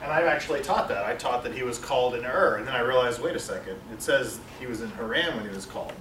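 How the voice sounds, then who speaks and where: A man's voice: mid-range voice, fast talker, fairly bright tone. A man teaches a Bible study class, wandering through his points with many fillers and self-corrections. He is heard from some distance in a roomy, echoing space, with a faint hum behind him. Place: classroom with a large screen. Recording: echoey room, far from mic.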